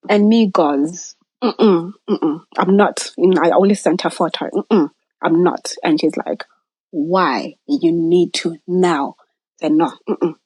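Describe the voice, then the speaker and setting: Woman telling a personal story, husky. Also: lowish voice, takes it slowly, no echo, low-quality recording. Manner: animated retelling, acting out quoted voices, drops to near-whispers. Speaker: guest.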